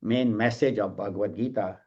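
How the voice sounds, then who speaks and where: A middle-aged man giving a calm, explanatory scripture class and now and then telling a light joke. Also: fairly low pitch, fairly quick, slightly rough. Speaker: spiritual teacher. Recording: dull lo-fi sound.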